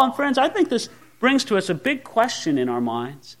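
A man's voice: very high voice, big pitch swings, normal speed, hardly any pauses. A male pastor preaching a sermon, acting out the lines of biblical characters.

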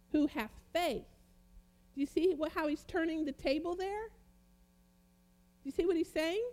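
High-pitched woman preacher, emphatic sermon delivery with dramatic pauses. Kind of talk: sermon, reading and comparing Bible translations.

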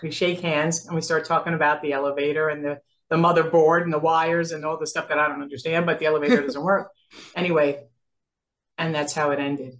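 Guest, woman, 60s, from New Jersey: lively storyteller, lower voice, acts out the dialogue. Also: fairly quick. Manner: animated, acts out quoted dialogue, laughs often. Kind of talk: storytelling in a casual interview.

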